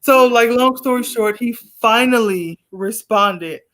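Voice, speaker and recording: A man's voice: very high-pitched, takes it slowly, sharp tone. A man guest on a video call telling a long story casually, rambling with fillers and acting out quoted exchanges. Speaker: guest poet.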